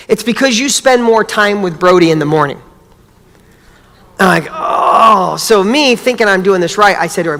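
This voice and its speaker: A middle-aged man giving a motivational talk, telling a family story with lively acted-out dialogue. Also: high-pitched, long reverb tail. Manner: animated storytelling, acts out dialogue. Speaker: speaker.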